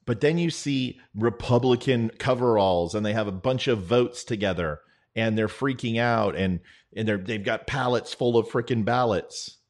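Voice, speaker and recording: A middle-aged man talking straight to the listener in an earnest, conversational political monologue. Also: mid-range voice. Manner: earnest, conversational, with quick impressions. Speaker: political commentator. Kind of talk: direct-address monologue.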